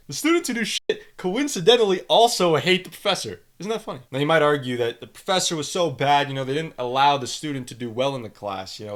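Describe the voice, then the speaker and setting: A young man with a Canadian accent, hosting a podcast and reading student reviews aloud with blunt, animated commentary. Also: medium pitch. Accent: Canadian English. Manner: blunt, animated, lectures with emphasis. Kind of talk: opinionated solo commentary.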